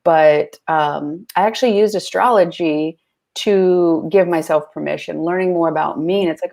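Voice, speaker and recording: A woman's voice: fairly low pitch, normal speed, gravelly, darkish tone. A woman guest in casual conversation, talking freely and chattily with lots of fillers. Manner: chatty, full of fillers like "like" and "you know".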